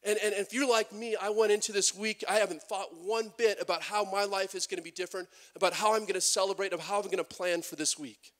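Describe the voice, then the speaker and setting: A man preaching a sermon as pastor, animated, with many restarts and acted-out quotes. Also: high voice, fast, hardly any pauses.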